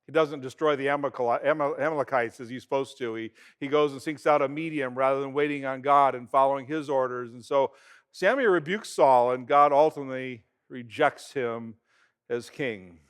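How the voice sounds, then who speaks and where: A man, a pastor, giving a conversational sermon and retelling events in everyday, animated talk. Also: medium pitch, fairly quick, clear, resonant tone.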